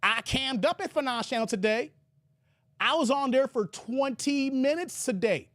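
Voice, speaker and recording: A man's voice: very high-pitched, normal speed, fairly bright tone, no room sound, clean studio sound. A man from the United States, hosting his channel and reading emails aloud in a mocking, combative rant. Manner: combative, mocking, repeats filler "here". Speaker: channel host. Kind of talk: reading emails and ranting on camera.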